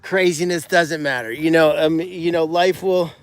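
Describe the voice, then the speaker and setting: A man's voice: fairly high pitch, steady tone, normal speed. A man who runs an animal sanctuary, chatting in a rambling, casual way on a live stream, with many restarts and fillers. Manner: rambling, frequent restarts and "you know" fillers.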